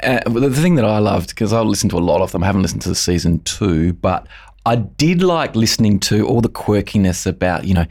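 A man's voice: lowish voice, expressive, brisk, a little mellow. A man interviewing a guest in a casual chat, rambling and hesitant with many ums and restarts.

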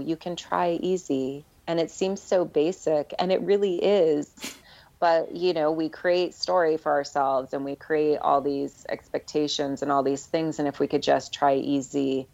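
A woman shares a personal story as a podcast guest, speaking in a low, gravelly voice. Her delivery is earnest and reflective, full of small pauses and fillers. The recording sounds a little dull and muffled. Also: darkish tone.

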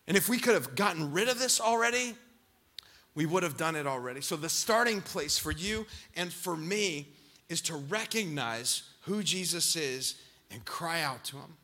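Bright-voiced high preacher, dynamic and urgent. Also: male voice. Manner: swings from shouted pleading to hushed, low intimate lines; acts out quoted voices, calls out to the congregation. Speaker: pastor. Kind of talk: sermon.

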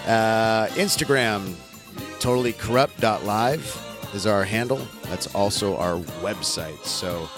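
A man's voice: on the low side, unhurried, over music. A man hosting a podcast, chatting casually and bluntly, with some swearing and heated opinions. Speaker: podcast host. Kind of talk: casual political chat.

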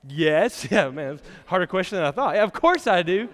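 A man's voice: sits high, expressive, fairly quick, a bit bright. A young man preaching a casual, conversational sermon in a church, chatty and laughing often, with many fillers. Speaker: pastor. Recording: long church hall reverb.

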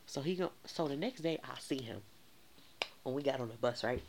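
A man telling a story to his viewers in a casual monologue, animated and dramatic, speaking to the audience directly. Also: medium pitch, moderate pace, vocal fry, slight background noise. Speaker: storyteller vlogger.

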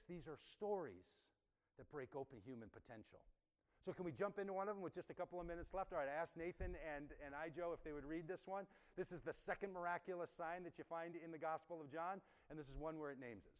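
A man preaching a sermon in a conversational, emphatic style, asking rhetorical questions. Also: on the high side. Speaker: pastor. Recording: reverberant hall sound.

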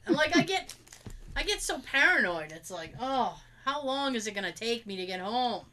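A woman's voice: on the high side, moderate pace. A woman chatting casually and telling work stories, acting out what her coworkers said. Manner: animated, acts out coworkers' lines. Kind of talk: casual chat, storytelling.

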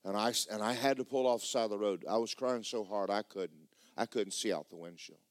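A pastor, preaching a sermon and telling a personal story with emotion, often repeating himself and speaking straight to the congregation. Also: male voice, lowish voice, a little fast, no echo.

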